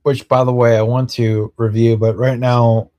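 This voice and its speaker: A man streaming, telling a rambling casual story and acting out his friends' lines in quick quotes, laughing and swearing now and then. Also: medium pitch, little pitch movement, darkish tone, dull audio.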